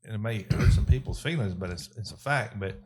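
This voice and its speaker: A man talks casually, joking around and restarting his sentences often. His voice is on the low side. A faint noise runs under the recording. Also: expressive. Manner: jokey, halting, restarts often. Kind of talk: casual chat.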